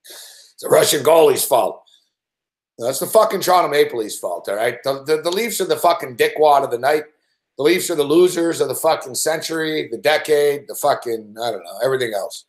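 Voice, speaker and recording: A man hosting a late-night sports betting show, his voice pitched a bit high and ringing in a roomy, echoey space. He rants loudly and swears constantly, firing off complaints about the night's hockey. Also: lively intonation, fairly quick. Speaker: host. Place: indoor home studio.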